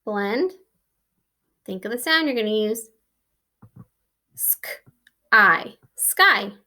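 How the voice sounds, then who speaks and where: A woman teaching a first grade phonics lesson, slowly and clearly sounding out words for young children. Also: on the high side, expressive, a bit bright.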